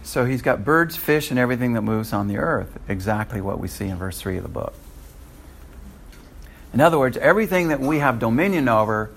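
Gravelly-voiced older man teaching scripture. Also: medium pitch, animated, fairly quick, a bit bright, slight background noise. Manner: conversational, with frequent restarts. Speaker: Bible teacher. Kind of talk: Bible study sermon.

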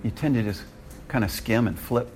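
A man teaching a Bible class, joking with the room and jumping into higher voices when he quotes people. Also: moderate pace, a little hiss or hum. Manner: animated and joking, rises high when quoting people.

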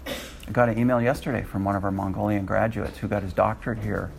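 A man, a Bible college lecturer and missionary, telling a testimony to a classroom, acting out his own words with sudden high jumps in pitch and bursts of laughter. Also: steady tone, fast talker, creaky, slight background noise.

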